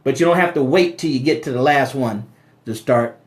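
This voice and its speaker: Speaking at a moderate pace in a mid-range voice, a man gives a motivational talk about money on a live stream. He addresses his audience as brothers and sisters, preaching, hammering his key points again and again, and frequently stammering and starting over.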